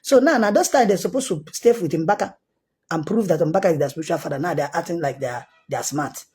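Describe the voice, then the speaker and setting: Husky Nigerian man, heated monologue. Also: fairly high pitch, animated, fairly quick, a little mellow. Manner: heated, insistent and repetitive. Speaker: self-styled prophet. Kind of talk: casual commentary monologue.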